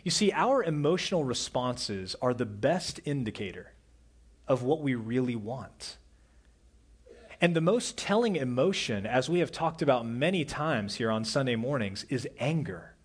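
A middle-aged male pastor preaching an earnest sermon, dropping to a soft hush on key words. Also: mid-range voice, very animated, measured pace, husky.

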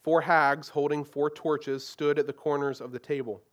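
A man retelling and then reading a story aloud with an expressive, dramatic delivery. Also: a little high, normal speed.

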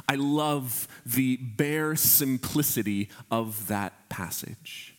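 A man preaching a sermon as pastor, earnest and emphatic, slowing down on key phrases and addressing his congregation directly. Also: mid-range voice.

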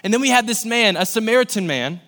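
A man's voice: high voice, quick pace. A young man giving a sermon as pastor, talking in a conversational way and acting out little scenes as he tells stories. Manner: conversational, animated storytelling with acted-out asides. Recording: long hall reverb.

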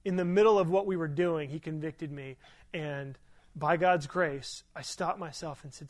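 A man's voice: on the high side, moderate pace. A middle-aged male pastor giving a sermon in a conversational, earnest storytelling way, often asking his listeners rhetorical questions.

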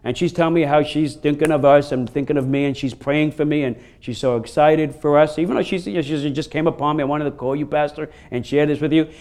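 A man preaching a sermon as pastor, telling stories in a lively, conversational way from a church stage. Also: fairly high pitch, fast talker, hardly any pauses. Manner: storytelling, animated and laughing during funny stories. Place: church sanctuary.

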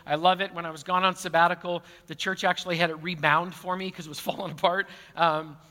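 In a church auditorium with long hall reverb, a male pastor takes questions from the congregation in a high, bright, pushed voice. He talks fast with a flat delivery, keeping it conversational, often repeating words and making jokes at his own expense.

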